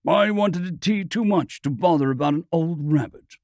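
A man's voice: fairly high pitch, normal speed, a little mellow, no room sound, studio quality, lightly acted. A man voicing an easygoing young man who speaks in an offhand, dismissive way in an audiobook reading.

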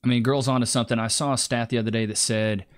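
A young man talks over clips in a reaction commentary. He is wry and mocking. His voice sits at a middling pitch. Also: steady tone, quick pace. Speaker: commentary host.

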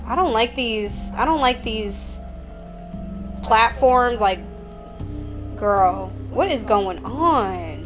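Jittery gamer woman, unhurried. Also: on the high side, animated, faint music behind. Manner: jittery, chatty, talks to viewers as y'all. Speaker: gamer playing a horror game. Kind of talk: let's play commentary.

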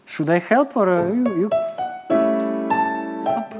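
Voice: mid-range voice, expressive, takes it slowly. A ballet teacher leading a live class, counting and scatting rhythms in choppy English. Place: ballet studio. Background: piano music.

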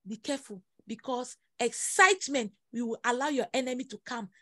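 Leading a prophetic sermon over a prayer call, a woman speaks in a high, fairly bright voice at a fairly quick pace. She drives her points home with emphatic repetition and sudden exclamations, and the recording is dry and close, with no echo or room sound.

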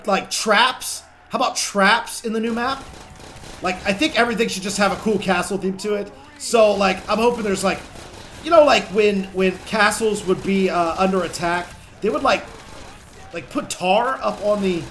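A young channel host chats excitably over his own gameplay in a high voice, swearing when things get tense. There is slight background noise.

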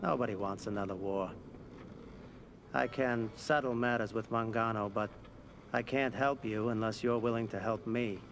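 Guy voicing a gravelly old mob money man, calm, smooth talker, game cutscene, noisy audio. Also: fairly low pitch, moderate pace, close to an everyday voice. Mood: persuasive. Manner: calm, persuasive. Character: shrewd aging male mob financier. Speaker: mob boss. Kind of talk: video game cutscene dialogue.

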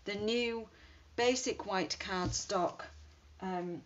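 A woman's voice: medium pitch, very slow. A woman chatting casually while demonstrating card making, thinking aloud as she works. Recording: dull lo-fi sound with faint hiss.

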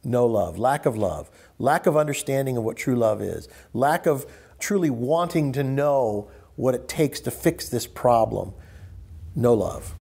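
A middle-aged man hosting a group discussion, giving a reflective spiritual talk with animated storytelling and sharp jumps in pitch. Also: a little slow, creaky, husky.

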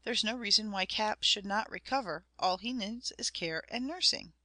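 Brief: a woman reading a gentle, reassuring clergyman, bright clear voice, dry close sound. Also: high-pitched, moderate pace, no echo. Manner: calm, reassuring. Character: kindly calm country vicar.

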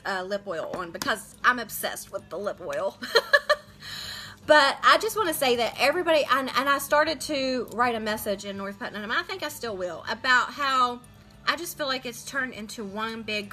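A woman's voice: on the high side, sharp tone. Chatty emotional woman livestreaming. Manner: chatty, emotional, talks straight to viewers. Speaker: livestream host selling lip products. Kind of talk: casual livestream chat.

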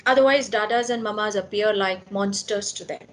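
A woman with a medium-pitched voice, speaking at a moderate pace, addresses parents at a school meeting about parenting. She's earnest, posing questions and then answering them herself.

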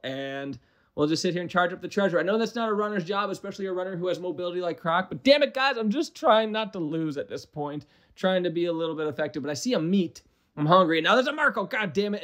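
A young man from the Midwest giving casual, rambling commentary over his own game footage, self-deprecating with profane asides. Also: a little high. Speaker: gaming commentator.

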